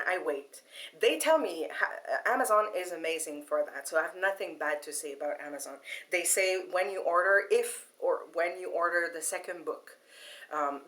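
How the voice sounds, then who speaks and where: A deep-voiced woman vlogger tells her viewers a long story in a casual, animated manner. She laughs often and her speech is full of fillers and restarts.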